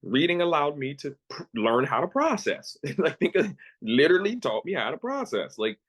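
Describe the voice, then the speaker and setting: A man in his thirties from Pennsylvania, telling his own story as a guest with earnest, halting, repeated phrases. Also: on the high side, sing-song, fairly bright tone. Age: 30s. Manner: earnest, repeats words, acts out his own thoughts in quotes. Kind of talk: candid personal storytelling.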